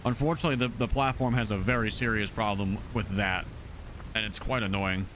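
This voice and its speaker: A man streaming a video game live, chatting casually and excitably shouting thanks to his supporters. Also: on the low side, a little fast, background noise.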